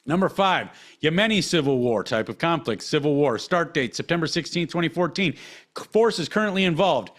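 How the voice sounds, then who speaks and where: This podcast host has a fairly high male voice with lively intonation and a slightly fast pace. He reads a list aloud, tossing in blunt, sarcastic asides and swearing often in his casual commentary.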